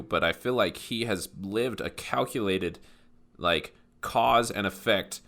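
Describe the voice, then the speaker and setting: Low-voiced young man, bright delivery. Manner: analytical, fills pauses with "like". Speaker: podcast co-host. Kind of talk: casual chat about a movie.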